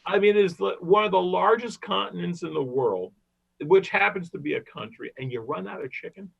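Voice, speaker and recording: A man hosts a comedy podcast, spinning rambling, jokey stories in a high, husky voice with vocal fry at normal speed. The recording is dull and lo-fi.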